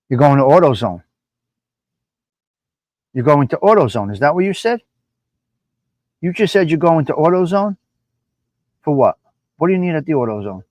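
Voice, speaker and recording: Brash New live-stream host, tough-guy swagger, slightly high voice, dry sound. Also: a little mellow, dry recording. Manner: swaggering, profane, repeats lines for emphasis. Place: his apartment.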